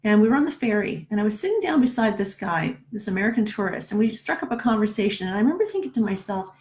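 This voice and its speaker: A woman's voice: mid-range voice, expressive, fast talker, a little mellow. A middle-aged woman, a numerologist, telling a personal story in a casual, chatty way, often checking in with "right?". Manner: chatty, keeps asking "right?".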